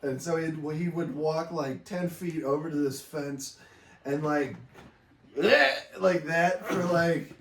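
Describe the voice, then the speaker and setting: A man's voice: a little high, gravelly, reverberant, far from the mic, slight background noise. A man hesitantly telling a story in casual podcast chat, with lots of fillers and laughter. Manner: halting, filler-heavy, laughing. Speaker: podcast guest.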